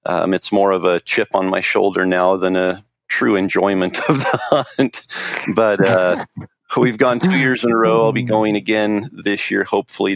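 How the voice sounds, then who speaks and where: A man's voice: low-pitched, no room sound. A man co-hosting a podcast in casual chat, matter-of-fact and laughing between thoughts. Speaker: podcast co-host.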